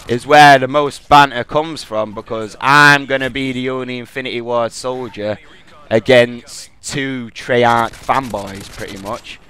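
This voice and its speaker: A man's voice: mid-range voice, pushed and bright, smooth. A young man hosting a gaming podcast, rambling and trash-talking over his gameplay. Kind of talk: gameplay commentary with banter. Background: gunfire from the game.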